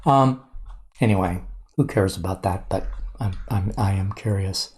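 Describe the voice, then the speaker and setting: An older man hosting a music reaction video, talking casually and hesitantly with many pauses and fillers. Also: deep voice, darkish tone.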